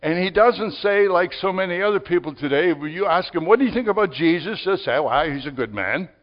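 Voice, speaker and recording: A man's voice: high voice, fairly quick. A male pastor preaching a sermon in a conversational style that rises to emphatic peaks. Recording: dull audio with long hall reverb.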